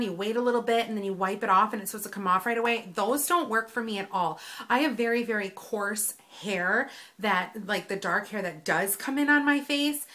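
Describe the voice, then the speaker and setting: A beauty vlogger in her thirties talks to camera casually and candidly, chatty and full of fillers. Her voice is a little high with a sharp tone.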